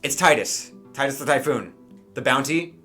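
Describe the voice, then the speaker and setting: A flustered young woman, played by a man at the gaming table, stops and starts as she talks. Her voice sits higher and brighter than his own and turns loud and eager in places. Faint music plays underneath. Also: lightly acted. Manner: halting, excited.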